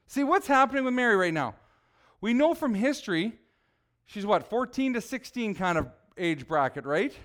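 A middle-aged man preaching in a relaxed, conversational way. His voice sits high for a man and sounds smooth and clear. He keeps asking the congregation questions and acts out little scenes. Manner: conversational, asks the audience questions, acts out people. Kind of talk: casual sermon.

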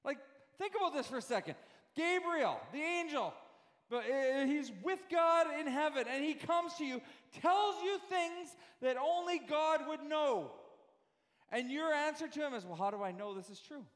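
A man preaching a sermon as pastor, animated and full of rhetorical questions, often repeating words as he goes. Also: extremely high pitch, a little slow. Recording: echoey hall reverb.

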